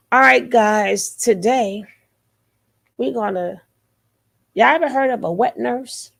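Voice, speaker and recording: Woman livestream host, unhurried and playful, husky gravelly voice, teasing chat. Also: a little high. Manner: playful, teasing, greets viewers by name.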